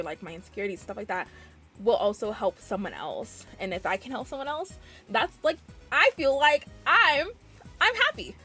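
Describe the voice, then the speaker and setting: A woman's voice: mid-range voice, fairly bright tone. A young woman streamer chatting casually with her viewers, gushing and giggling, often restarting her sentences. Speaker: variety streamer.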